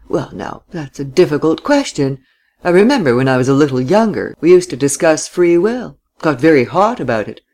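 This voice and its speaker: A man voicing a forgetful, genial old gentleman who babbles in high, fussy exclamations. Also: sing-song, normal speed. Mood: musing. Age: older.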